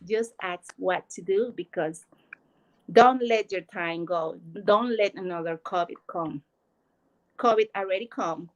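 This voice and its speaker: Poor audio captures a medium-pitched woman, a guest whose native tongue is Spanish. She tells a heartfelt personal story about her work and family, sincere and full of emotion, as a kind of testimony.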